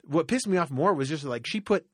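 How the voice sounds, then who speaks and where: A man's voice: on the high side, a little fast, no echo. Guy ranting a crazy story, swears a lot, dry close sound. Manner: profane, rambling, animated retelling with many fillers. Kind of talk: casual storytelling rant.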